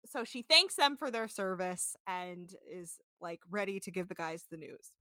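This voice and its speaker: A woman's voice: lowish voice, animated, normal speed, sharp tone. A woman co-hosting a casual podcast, animatedly recapping a reality show, laughing and swearing as she tells it. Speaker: podcast co-host. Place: apartment home.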